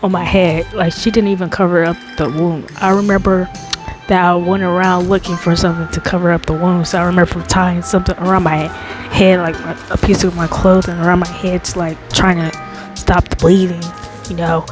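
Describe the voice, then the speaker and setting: A young woman telling a childhood story in a casual, rambling way, full of fillers and deliberately slow. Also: fairly low pitch, level tone. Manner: rambling, filler-heavy, talks slowly on purpose. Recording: background music under the voice.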